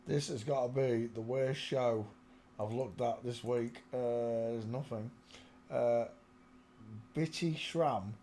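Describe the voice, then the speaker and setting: A man hosts a live stream from home, talking half to himself and half to the viewers, and he drifts into a line of a song now and then. He speaks at an ordinary middle pitch into a small desk microphone. A faint hum sits under the voice. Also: takes it slowly, pauses often, dark tone. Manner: muttering, sings snatches of a song. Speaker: channel host.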